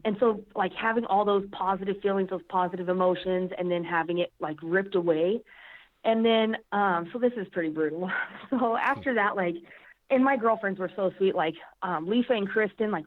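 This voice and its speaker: A woman's voice: mid-range voice, moderate pace. Woman guest on a tinny phone line. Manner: emotional, animated storytelling with many "like"s. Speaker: podcast guest, strongwoman athlete. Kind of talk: casual interview chat.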